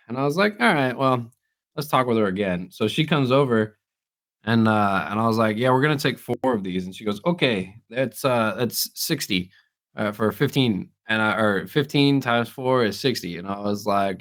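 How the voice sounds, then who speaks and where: A man's voice: mid-range voice, animated, normal speed. Laughing man telling a story. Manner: storytelling, acts out quotes, laughs often. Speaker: podcast co-host. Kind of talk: casual chat.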